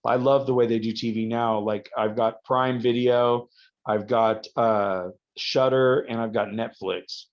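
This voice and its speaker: A man's voice: mid-range voice, fairly even intonation. Man rambling on a dull recording. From United States. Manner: rambling storyteller, halting restarts. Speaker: guest, professional wrestler. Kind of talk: casual podcast interview. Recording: slightly dull lo-fi audio.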